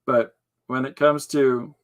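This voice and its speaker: A podcast host with a medium-pitched voice chats in a loose, rambling way, joking, laughing often and slipping into impressions. He speaks slowly, with little movement in his pitch.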